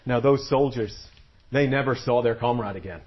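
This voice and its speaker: At a live storytelling event, a man with a mid-range voice recounts a folktale at a moderate pace. His telling is theatrical and playful, engaging the crowd, though the audio sounds dull.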